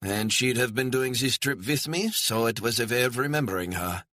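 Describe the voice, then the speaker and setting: A man's voice: medium pitch, moderate pace, dry recording, studio quality, voice pushed up, natural voice. A man voicing a friendly, talkative retired German man in his sixties or older, chatting with a stranger. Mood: wistful. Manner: chatty and warm, enthusing.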